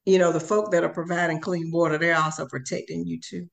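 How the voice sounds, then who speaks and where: Gravelly-voiced host talking haltingly. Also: mid-range voice, little pitch movement. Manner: halting, repeats words and stretches phrases. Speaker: interview host. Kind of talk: casual interview chat.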